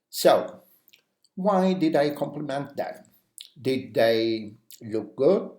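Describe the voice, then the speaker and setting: A male English teacher speaks slowly in a medium-pitched voice during a language lesson. He acts out example phrases with lively energy and leans heavily on "you know," and the recording has a roomy echo.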